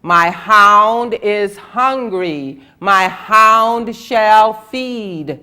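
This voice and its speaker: A towering god hands down his orders slowly and loudly, each word weighed and final, as a woman storyteller puts him on. His voice sits low and rides on an unhurried, stretched-out pace. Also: exaggerated voice. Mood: commanding. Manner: slow, booming pronouncements. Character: stern towering male god, commanding.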